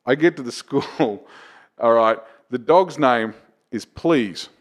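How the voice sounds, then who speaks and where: A man spins a rowdy anecdote on a podcast, swearing freely and getting louder as he goes. His pitch sits in a plain middle range. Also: slow. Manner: profane, builds to loud excited retelling. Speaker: comedian guest. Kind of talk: casual podcast storytelling.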